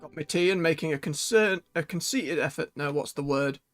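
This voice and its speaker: A man's voice: a little high, a little fast, a bit bright, soft background music. A man chatting casually as he plays a video game on stream, thinking aloud and correcting himself.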